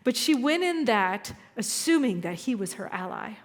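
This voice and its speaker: A woman's voice: a little high, very animated, moderate pace. Woman minister preaching in a reverberant hall. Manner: chatty, storytelling, self-deprecating humor. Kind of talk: conversational sermon. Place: church sanctuary.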